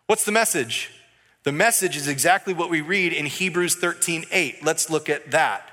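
A man preaching a sermon with a bright, fairly high voice. He talks in a loose, conversational way and slips into acted-out dialogue. His voice rings with the long reverb of a hall. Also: moderate pace. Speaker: pastor.

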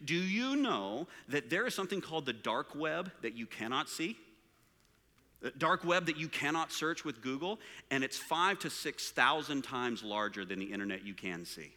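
A man's voice: medium pitch, expressive, normal speed, sharp tone. A man preaching a live sermon, joking and asking the room rhetorical questions. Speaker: pastor. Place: large church hall. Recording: long hall reverb.

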